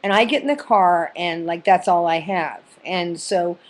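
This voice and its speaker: A woman's voice: on the low side, unhurried. A middle-aged woman telling a funny personal story in a rambling, profane way, full of fillers and restarts.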